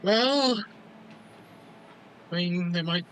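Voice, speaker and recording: Bright-toned, stammering joking man. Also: high voice, extremely slow, slight background noise. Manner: stammering, jokey. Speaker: player. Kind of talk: casual tabletop game chat.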